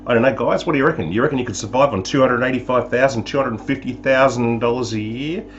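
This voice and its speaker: A man's voice: medium pitch, quick pace. An Australian man hosting a live talk show, chatting casually with jokes and sarcasm. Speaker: show host. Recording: dull lo-fi sound, faint music.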